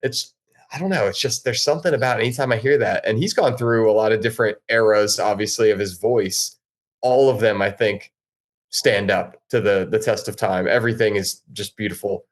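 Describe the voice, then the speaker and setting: Low-voiced man chatting enthusiastically. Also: brisk. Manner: enthusiastic, rambling with restarts. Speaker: guest musician. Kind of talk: casual podcast chat.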